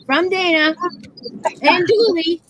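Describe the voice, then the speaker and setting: A woman co-host with a New York accent, chatting excitedly on a live craft show. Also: very high-pitched, slow, background noise. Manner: excitable, laughs often. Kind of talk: casual live-stream chat.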